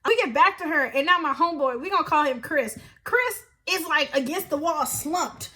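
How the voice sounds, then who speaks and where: A young woman in her twenties, telling an animated story to camera in a slangy, emphatic way and often laughing. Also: high voice, normal speed. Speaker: vlogger.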